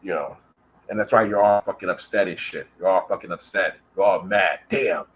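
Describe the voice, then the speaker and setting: In a low-quality recording, a man from the United States rants angrily on his vlog, swearing, taunting and confronting his target head-on. His voice is low-pitched and a bit bright, moving at a normal speed.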